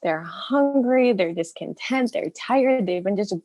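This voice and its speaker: A woman's voice: medium pitch, animated, unhurried, mellow. A woman in her thirties giving a candid, conversational church message over a video call, laughing often between phrases. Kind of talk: personal testimony sermon.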